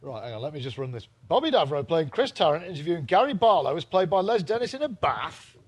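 A man's voice: a little high, very animated, fast, breathy edge. A man co-hosting a comic casual chat, full of playful, teasing banter.

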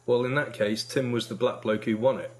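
A man's voice: mid-range voice, fairly even intonation, a little fast, darkish tone. Wry man tossing dry one-liners. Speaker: podcast co-host. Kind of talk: casual comedic chat.

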